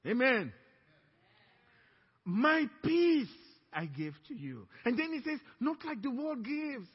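A man's voice, very high for a man, with a husky edge, preaching a sermon with emphatic call-and-response. He sounds like he is in a church hall, with a long echo trailing his words, and the recording is dull and lo-fi. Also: big pitch swings, unhurried. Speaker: pastor. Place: church sanctuary.

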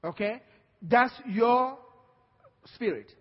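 Male pastor with a Nigerian accent, high and husky, emphatic call-and-response preaching; lo-fi church recording. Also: expressive, slow. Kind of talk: sermon. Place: church hall. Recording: dull lo-fi sound with long hall reverb.

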